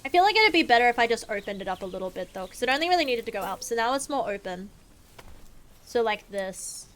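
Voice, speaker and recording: A woman's voice: fairly high pitch, very animated, fast, fairly bright tone, slight background noise. A young woman streaming a game live, chatting casually with viewers in a playful, sarcastic way and swearing freely. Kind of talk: casual live-stream chat while gaming.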